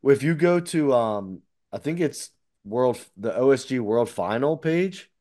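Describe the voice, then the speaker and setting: A man chatting on a podcast in a rambling, easygoing way, restarting his sentences and leaning on fillers. His voice sits at an ordinary middle pitch, recorded dry and close with no room sound. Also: animated, unhurried, darkish tone, no room sound. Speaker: podcast co-host. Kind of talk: casual chat.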